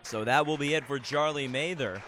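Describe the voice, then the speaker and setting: A man's voice: mid-range voice, normal speed, pushed and bright, a little hiss or hum. A man calling a baseball game play by play, with dry, teasing banter with his partner between the plays. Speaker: play-by-play commentator. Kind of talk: live baseball commentary.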